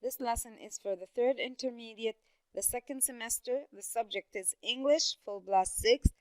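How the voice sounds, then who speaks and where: A woman's voice: fairly high pitch, moderate pace, darkish tone, dry recording, low-quality recording. A woman teaching an English lesson, patiently asking questions and praising students. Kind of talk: recorded classroom lesson.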